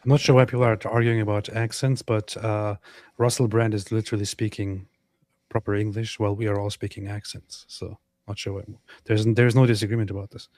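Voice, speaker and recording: A man hosting a livestream, chatting casually in a deadpan, teasing way. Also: on the low side, a little fast, dry recording. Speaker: co-host.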